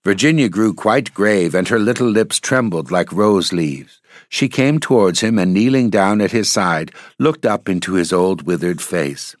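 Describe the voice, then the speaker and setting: Male narrator, deep and steady, storybook reading in a dry booth. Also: measured pace, no echo.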